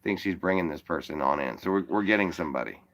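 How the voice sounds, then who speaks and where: A man's voice: deep voice, lively intonation, quick pace, creaky, a bit bright. A man hosting a live call-in show, chatting casually and rambling to his viewers with plenty of swearing. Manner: rambling and profane; talks to viewers directly. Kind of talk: casual livestream chat.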